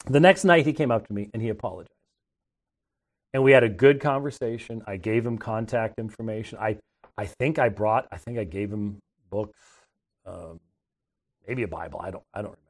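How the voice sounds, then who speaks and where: A middle-aged man hosting a talk show, telling rambling, conversational stories and often restarting his sentences. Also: mid-range voice. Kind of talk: casual anecdotal storytelling.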